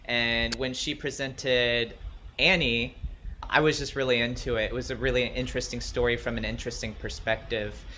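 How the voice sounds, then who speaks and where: A man's voice: medium pitch, steady tone, moderate pace, sharp tone, slight background noise. A man hosting a show, chatting casually with many fillers. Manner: laid-back, many fillers like 'like' and 'you know'. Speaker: podcast host. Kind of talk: casual interview chat.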